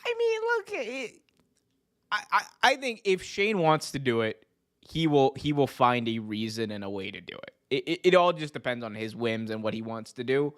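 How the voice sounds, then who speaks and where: A man co-hosting a casual wrestling podcast, slangy and animated, laughing often. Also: medium pitch, moderate pace. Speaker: podcast co-host.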